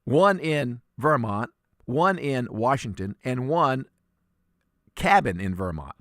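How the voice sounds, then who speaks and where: A man's voice: medium pitch, big pitch swings, slow, fairly bright tone, no echo, clean studio sound. A man filling in as a talk radio host, giving emphatic, sarcastic commentary and often repeating words.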